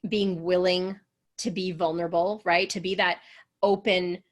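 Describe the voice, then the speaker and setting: A woman's voice: fairly low pitch, level tone, normal speed. Earnest encouraging woman relationship coach. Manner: earnest, encouraging, acts out quoted voices. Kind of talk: coaching session talk.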